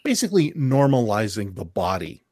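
A man's voice: mid-range voice, big pitch swings, normal speed, mellow, slight background noise. Rambling, sarcastic male podcast host. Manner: rambling, emphatic, sarcastic asides. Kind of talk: casual panel discussion.

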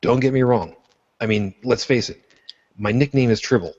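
A man's voice: medium pitch, moderate pace, a little mellow, husky. A man hosting a podcast in casual chat, joking and self-deprecating as he rambles. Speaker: podcast host. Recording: dull lo-fi podcast audio.

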